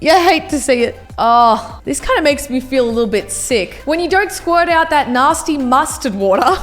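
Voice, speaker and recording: A young woman in her twenties vlogging about everyday annoyances, with mock-dramatic delivery and exaggerated groans. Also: high voice. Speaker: YouTuber. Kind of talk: comedic reaction vlog.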